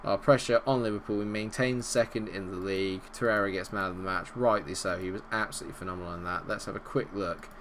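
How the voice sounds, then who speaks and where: A man commentating on his own football management game, animated and bursting into shouts at goals, a little unwell. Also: sits low, fast talker, few pauses, slight background noise. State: unwell, not feeling great. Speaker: gaming video host.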